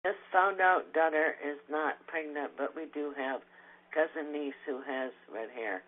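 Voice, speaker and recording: A woman's voice: sits low, measured pace. A woman giving an intuitive reading on a webcast, speaking in a hesitant, searching way. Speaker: intuitive reader. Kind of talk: casual psychic reading. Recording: tinny phone-like line.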